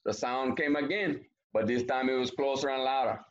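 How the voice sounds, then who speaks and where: A man reading a picture book aloud to children, breaking in with lively, chatty asides. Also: mid-range voice, moderate pace, muffled recording. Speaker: teacher reading a story to children. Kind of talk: storybook read-aloud with asides to kids.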